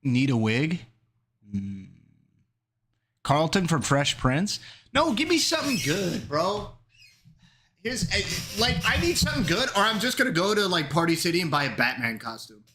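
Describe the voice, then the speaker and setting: A man's voice: fairly high pitch, very animated, moderate pace, long pauses, background noise. A male streamer in casual chat, riffing loosely and reading his chat aloud.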